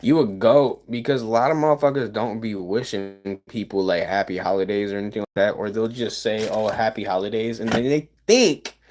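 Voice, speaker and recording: A man's voice: on the low side, moderate pace, hardly any pauses, a little mellow. A man, chatting casually with livestream viewers, rambling with stammers and sarcastic asides.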